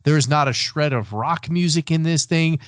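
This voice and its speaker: A man's voice: a little high, normal speed, dry recording, clean studio sound. A man co-hosting a music podcast, arguing his picks firmly in casual debate. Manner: firm, argumentative, builds a case. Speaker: podcast co-host. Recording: remote call, own mic.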